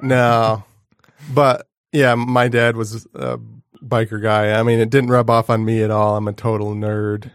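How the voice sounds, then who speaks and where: Flat low-voiced man telling stories. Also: measured pace, clear, resonant tone, dry recording, studio quality. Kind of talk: casual chat.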